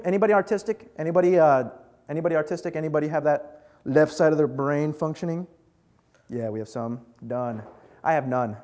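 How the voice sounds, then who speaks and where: A young man preaching a casual, joking sermon to a live group, talking animated and conversational. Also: on the high side.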